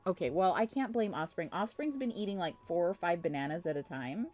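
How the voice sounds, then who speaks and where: A woman's voice: lowish voice, lively intonation, fairly quick, a little mellow. A woman at home, chatting on a live stream with exasperated, playful storytelling and teasing. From Canada. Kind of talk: casual live-stream chat.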